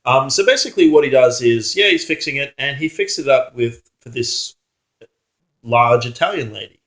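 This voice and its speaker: A man's voice: mid-range voice, animated, normal speed, a bit bright. A man with an Australian accent in casual chat, telling stories in a dry way. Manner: dry, storytelling. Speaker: co-host.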